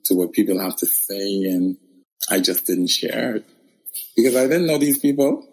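Low husky man telling his story. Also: normal speed, poor audio. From the Bahamas. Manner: expressive, laughs often, acts out quoted voices. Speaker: guest. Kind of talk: casual interview, storytelling.

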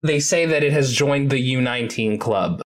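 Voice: mid-range voice, normal speed. A podcast co-host chatting casually, with dry, teasing quips.

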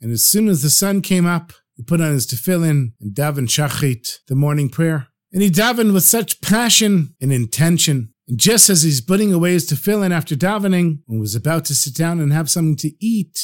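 A man's voice: on the high side, brisk, hardly any pauses. A man narrating a story aloud, acting out the characters with feeling. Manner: expressive, acts out characters' pleas.

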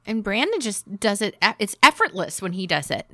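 A woman's voice: mid-range voice, big pitch swings, fairly quick, sharp tone, no echo, clean studio sound. A woman co-hosting a podcast, chatting casually and animatedly, often self-deprecating. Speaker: podcast co-host. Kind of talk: casual chat.

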